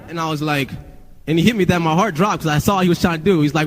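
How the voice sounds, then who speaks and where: A man's voice: on the high side, fast talker. A male rapper telling a story in a casual, rambling, profane way, full of "you know". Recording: long reverb.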